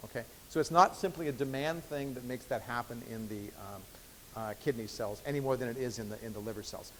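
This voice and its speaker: A man's voice: mid-range voice, brisk, a little hiss or hum. A man giving a university biochemistry lecture in a conversational way, with fillers and restarts. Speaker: biochemistry professor. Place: lecture hall. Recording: echoey lecture hall.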